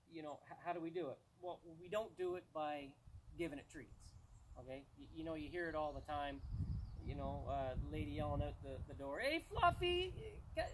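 A man's voice: fairly high pitch, slight background noise. A man on a pro staff giving a casual dog-training lesson outdoors, plain-spoken and often checking in with "okay?". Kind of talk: casual outdoor instructional talk. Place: outdoors on a rural property.

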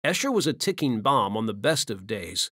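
A man narrating a romance audiobook in a dramatic, expressive read. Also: medium pitch, normal speed, no room sound, clean studio sound. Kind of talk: scripted narration.

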